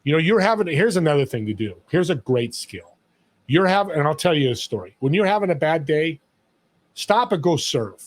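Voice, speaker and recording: Man, podcast guest, emphatic and preachy, telling stories, fairly high voice. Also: very animated, brisk, dry recording. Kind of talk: motivational interview talk.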